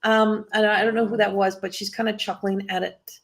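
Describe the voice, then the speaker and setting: A woman psychic medium giving a live reading, her voice carrying a gravelly, fry-edged texture. She rambles and restarts her sentences, breaking into laughs now and then, and her pitch stays in a middling range for a woman. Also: flat delivery, brisk. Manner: rambling, self-interrupting, laughs often.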